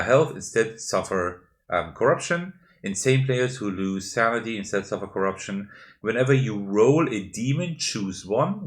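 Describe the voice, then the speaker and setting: A man hosting a board game channel, talking through a solo tabletop playthrough and explaining each move step by step as he handles the pieces. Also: mid-range voice.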